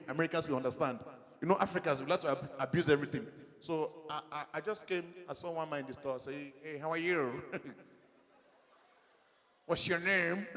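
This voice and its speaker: A middle-aged man with a Nigerian accent doing a stand-up comedy set, animated, acting out dialogue in his stories. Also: a little high, in a large hall.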